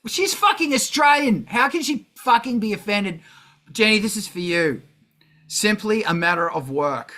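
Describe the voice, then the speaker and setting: Slow, profane man with a bright voice. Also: high-pitched. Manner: profane, ranting, heavy swearing. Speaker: host of a music livestream. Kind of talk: casual livestream chat.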